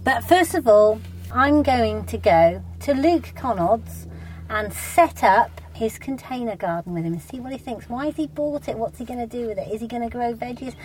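A British woman co-hosting a podcast, chatty and bubbly with quick asides. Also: fairly high pitch, animated, a little mellow, a little hiss or hum. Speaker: podcast co-host. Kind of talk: casual chat.

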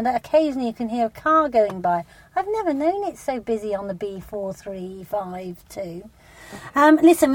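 A British woman co-hosting a podcast, chatty and bubbly with quick asides. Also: sits high, darkish tone. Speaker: podcast co-host. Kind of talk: casual chat.

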